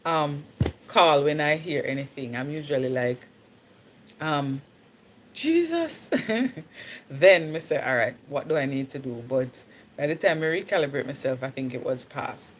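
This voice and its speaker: A woman's voice: extremely low pitch, fairly even intonation, moderate pace, slight background noise. A Jamaican woman chatting casually on her livestream, slipping into patois and laughing easily. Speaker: livestream host.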